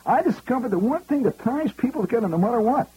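A husky-voiced man putting on a tipsy, loose-tongued middle-aged male executive with a Bronx accent, blurting and repeating himself. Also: extremely high pitch, expressive, quick pace, dark tone, pitched above the performer's own voice, heavily acted, low-quality recording. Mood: tipsy, excited. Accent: New York (Bronx).

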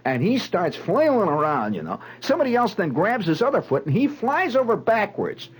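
A man's voice: high-pitched, huge pitch swings, normal speed, husky, poor audio. A man telling a dramatic personal story in a vivid, conversational way. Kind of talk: spoken storytelling monologue.

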